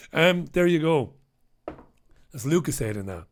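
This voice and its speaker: Man, middle-aged, fairly high voice, joking live-stream host. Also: very animated, normal speed, pauses often, fairly bright tone. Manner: chatty, joking, reads out viewers' names. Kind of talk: casual live-stream chat.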